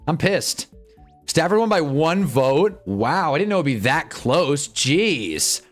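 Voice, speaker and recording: Excitable young man live-streaming. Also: slow, faint music behind. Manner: excitable, swings between loud outbursts and low mumbling; profane, laughs often. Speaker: streamer reacting to awards show. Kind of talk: casual live-stream commentary.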